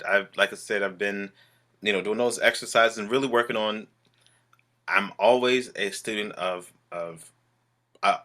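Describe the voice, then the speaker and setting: Male guest, singer-actor, low but very bright voice, earnest and upbeat, laughs easily. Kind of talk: casual interview chat.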